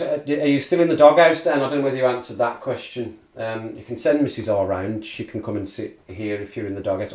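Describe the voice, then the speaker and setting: A man's voice: mid-range voice, darkish tone. A man with a Black Country accent hosting a casual live stream, chatting and joking as he reads out viewers' messages. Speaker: livestream host. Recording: echoey room.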